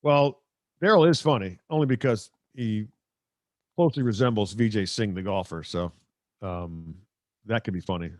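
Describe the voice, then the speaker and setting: A man's voice: lowish voice, moderate pace, pauses often, dry recording, clean studio sound. A middle-aged man hosting a live stream, chatting casually, reading viewer comments, and rambling with jokes at his own expense. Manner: rambling, joking, self-mocking. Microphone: close microphone.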